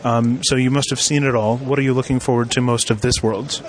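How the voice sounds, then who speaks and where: A man conducting a relaxed interview, talking in a chatty way that is full of ums and restarts. His pitch sits in an ordinary middle range. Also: brisk, slight background noise. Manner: chatty, many fillers and restarts. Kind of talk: casual interview.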